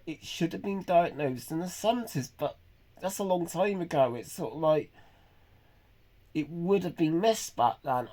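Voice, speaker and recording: A man, talking in a halting, hesitant way with many pauses and restarts in an earnest, emotionally raw personal vlog. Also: a little high, darkish tone. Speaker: vlogger. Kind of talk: personal confessional monologue.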